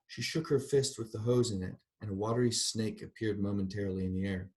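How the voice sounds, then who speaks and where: Male lit lecturer, lowish voice, reads then explains, thoughtful. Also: fairly even intonation, fairly quick, few pauses, darkish tone. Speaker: literature lecturer. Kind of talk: university lecture with read-aloud passages.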